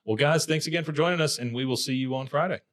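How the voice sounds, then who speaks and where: A man's voice: fairly high pitch, fairly bright tone, slight background noise. A man co-hosting a podcast, casually retelling a cartoon episode scene by scene and quoting the characters. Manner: retells scenes with quick quoted impressions, laughs along. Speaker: podcast co-host. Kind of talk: casual chat recapping an episode.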